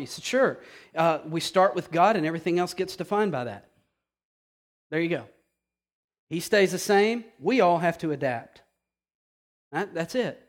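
A man preaching a sermon, animated and emphatic, repeating key phrases and speaking straight to the congregation. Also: sits high. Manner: animated, emphatic preaching with repetition and direct address. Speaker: pastor.

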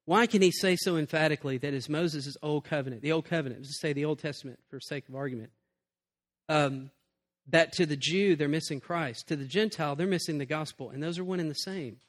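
A man's voice: a little high, a little fast. A man giving a sermon about preaching in an earnest, conversational way.

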